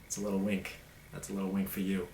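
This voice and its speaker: A man's voice: sits low, monotone, fast talker, dark tone. Blunt, profane man in an echoey room. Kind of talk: casual monologue.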